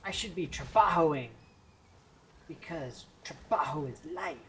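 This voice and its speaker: A man's voice: a little high, lively intonation, a little slow, noisy background. A man streaming a video game, rambling jokily and interrupting himself. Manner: rambling, jokey, self-interrupting. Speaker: gaming streamer. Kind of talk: casual gameplay commentary.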